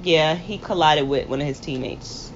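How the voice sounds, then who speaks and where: A woman co-hosting a casual sports chat, animated and trash-talking, often laughing at her own jokes. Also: low voice, moderate pace. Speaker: podcast co-host. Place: late-night home podcast recording. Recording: dull lo-fi recording with faint background noise.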